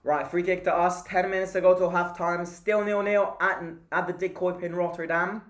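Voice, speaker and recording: A man's voice: high voice, fairly even intonation, moderate pace. A tired man hosting a fan channel, chatting casually and reacting to the play as he watches a live match.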